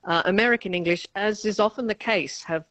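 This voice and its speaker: A woman's voice: mid-range voice, brisk, fairly bright tone, dry recording. A woman professor of linguistics answering radio interview questions in a chatty, explanatory way, laughing often mid-sentence.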